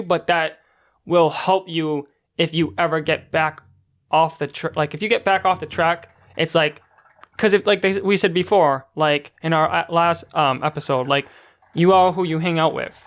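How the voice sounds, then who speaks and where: A man's voice: fairly high pitch, fairly bright tone, smooth. A young man co-hosting a podcast, rambling in casual chat with lots of filler words. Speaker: podcast co-host.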